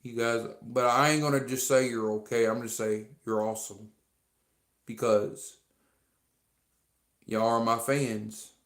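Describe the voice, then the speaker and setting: This man's mid-range, slightly bright voice comes out flat and measured, broken by frequent pauses. Chatting casually to livestream viewers in an echoey room, he rambles, repeats himself, leans on fillers, and sincerely thanks his fans.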